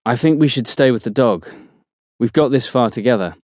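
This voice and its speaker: A man's voice: mid-range voice, a little fast, dry recording, pitched above the performer's own voice, natural voice. A man voicing a level-headed male squad leader who reasons things out in a weary tone. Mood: decisive. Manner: weary, thinking out loud.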